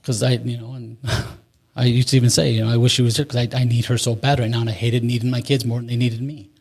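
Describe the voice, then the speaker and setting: A man's voice: medium pitch, flat delivery, quick pace, darkish tone. A man in his forties, an interview guest, telling a candid recovery story in a rambling way with restarts and nervous laughs.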